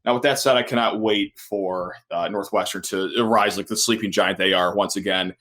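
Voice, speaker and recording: A man's voice: fairly low pitch, fairly even intonation, normal speed, fairly bright tone. A man guesting on a sports podcast who chats casually, playful and sarcastic, laughing often.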